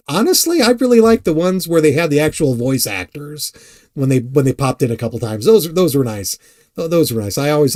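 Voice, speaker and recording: A man casually answering chat on a live stream, rambling and halting, often self-deprecating. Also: mid-range voice, darkish tone, dry recording, studio quality.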